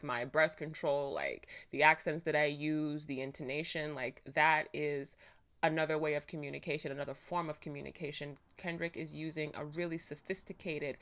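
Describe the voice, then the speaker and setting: A woman hosts her own reaction video, chatting into her microphone in a loose, unscripted way. She is animated and talkative, leans on fillers like "like" and "right?", laughs easily and swears casually as she works through her thoughts. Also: sits low. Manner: laughs often while talking.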